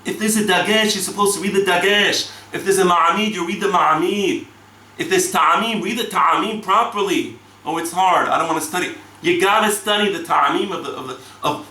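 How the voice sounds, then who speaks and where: A rabbi in an animated Torah lecture, chanting verses between his points. His voice sits high and bright. The recording is roomy and distant, with a soft hum of ambience behind it. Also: normal speed. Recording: echoey room, mic from far off.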